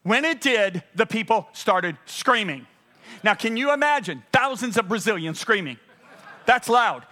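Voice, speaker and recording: Heard via a church stream, a male guest preacher delivers a storytelling sermon full of dramatic voiced quotes and abrupt surges of energy. His high voice is expressive, pushed and bright, moving a little slowly.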